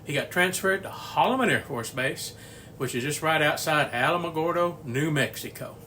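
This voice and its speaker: A man's voice: on the high side, normal speed, bright, forceful tone, a little hiss or hum. A man in his sixties hosting a home cooking video from his kitchen, a folksy, rambling storyteller who chuckles often. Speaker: home cooking channel host. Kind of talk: casual cooking video chat.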